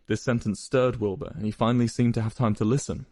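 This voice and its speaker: A man's voice: mid-range voice, fairly even intonation, quick pace, mellow, no echo, studio quality. A young man expressively narrating a fan fiction story aloud.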